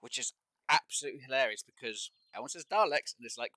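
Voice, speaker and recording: A man's voice: medium pitch, animated, fast talker, pushed and bright, no echo. A man chatting casually and at length while streaming a fishing game, opinionated and rambling with lots of fillers. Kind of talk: casual live-stream chat while gaming.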